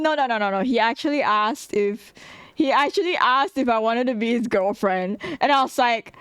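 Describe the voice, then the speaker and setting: A young adult woman casually telling a story about her school days, animated, laughing often and swearing freely. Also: on the high side, moderate pace, smooth, no echo.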